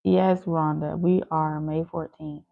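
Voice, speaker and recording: Playful gravelly woman on a tinny line. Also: low voice, little pitch movement, slow pace. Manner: playful, teasing, laughs easily. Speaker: tarot reader live-streaming to viewers. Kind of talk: casual live-stream chat. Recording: phone-like lo-fi audio.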